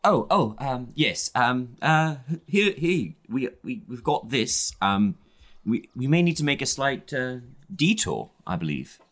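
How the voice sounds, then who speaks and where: A man's voice: medium pitch, big pitch swings, unhurried, a bit bright. A man playing a tabletop game, talking hesitantly with stammers. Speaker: player.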